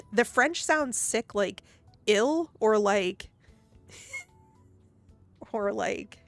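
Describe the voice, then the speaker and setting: A woman's voice: mid-range voice, expressive, very slow, creaky, soft background music. A woman with a Midwestern American accent touched with Southern, chatting casually on a live stream, reading viewer comments and giggling often. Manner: chatty, giggly, thinking aloud.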